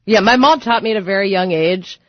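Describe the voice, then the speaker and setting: A woman's voice: medium pitch, brisk, no echo, highs cut off. A woman co-hosting a casual podcast chat, a bubbly storyteller who acts out the voices of people she quotes. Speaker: co-host.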